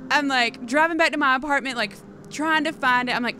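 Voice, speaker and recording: A young woman in her twenties co-hosting in a studio, telling a mishap in an animated, self-mocking way. Her voice is bright and a little high, and there is faint noise behind her. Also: moderate pace. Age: 20s. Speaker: co-host. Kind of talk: casual storytelling chat.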